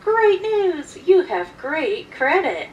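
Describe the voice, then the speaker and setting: A woman's voice: fairly high pitch, lively intonation, fairly quick, recorded from a distance, dull audio, a little hiss or hum, natural voice. A woman voicing a pushy, overly cheerful male car salesman in a personal story.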